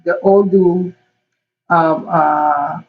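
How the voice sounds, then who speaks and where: A woman, a spiritual teacher, telling a sacred story in a lively way and acting out the voices. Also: fairly low pitch, very slow. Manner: animated, acts out the quotes. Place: Florida. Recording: dull lo-fi call audio.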